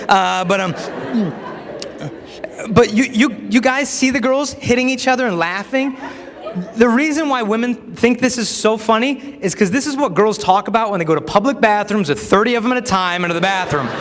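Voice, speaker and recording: A man's voice: high voice, background noise. A young man giving a humorous talk to a live audience, telling stories with animation and acting out the voices of the people in them. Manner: animated storytelling, acts out quoted voices. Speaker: speaker addressing a live audience. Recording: echoey hall.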